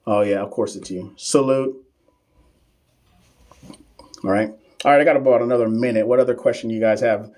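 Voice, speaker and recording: A man's voice: mid-range voice, steady tone, normal speed, pauses often, darkish tone. A man talks straight to his camera during a casual live stream, answering viewer questions as an exam coach. He reads comments aloud, jokes with regulars and keeps a loose, friendly, chatty flow. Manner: teasing and familiar with regular viewers.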